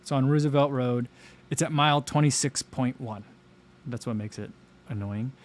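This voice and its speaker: A chatty man in his thirties hosts a relaxed livestream. His voice sits at an ordinary middle pitch, and he rambles loosely, with many restarts, as he answers viewers. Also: moderate pace. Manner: rambling, chatty, reads viewer comments aloud. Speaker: livestream host. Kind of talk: casual livestream chat.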